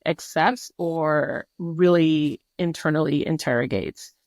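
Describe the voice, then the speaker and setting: A woman on a podcast speaks candidly and chattily, with a voice pitched a little low. She curses without fuss and loops back on her thoughts. The sound is dry and close, with no room around it. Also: slow pace, a little mellow, no room sound. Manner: candid, chatty, swears freely, many fillers and restarts. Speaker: podcast guest. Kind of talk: casual chat.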